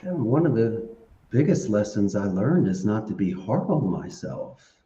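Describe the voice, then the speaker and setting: Low, mellow man laughing through stories. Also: a little slow, a little hiss or hum. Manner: chatty, laughs often, animated storytelling. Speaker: podcast guest. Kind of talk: casual interview answers. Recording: roomy, dull lo-fi podcast audio.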